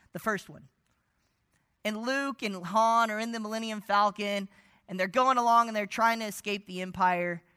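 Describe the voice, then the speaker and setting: Bright-voiced man preaching with lively storytelling. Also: sits high. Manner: animated storytelling, drops to near-whisper for asides. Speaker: pastor. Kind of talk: evening sermon.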